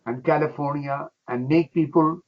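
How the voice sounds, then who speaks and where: A man's voice: fairly high pitch, steady tone, normal speed. An older man, a laughter yoga teacher, talking with exuberance in broken English and breaking into chants and laughter as a radio guest. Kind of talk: enthusiastic radio interview. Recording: dull lo-fi radio sound.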